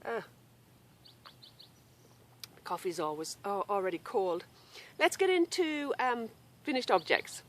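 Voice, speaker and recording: Hosting her knitting podcast outdoors in a grassy yard, a woman chats casually in a medium-pitched, sing-song voice, taking it slowly with long pauses. She keeps apologising for interruptions, breaking off to call a dog that wanders away. There's slight background noise.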